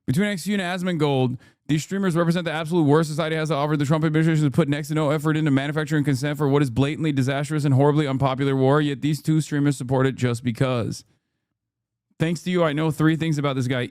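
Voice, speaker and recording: A man's voice: on the high side, fairly even intonation, fast talker, darkish tone, clean tone, dry recording, clean studio sound. A man reacting to clips on a stream, ranting in a profane, sarcastic way. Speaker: political streamer.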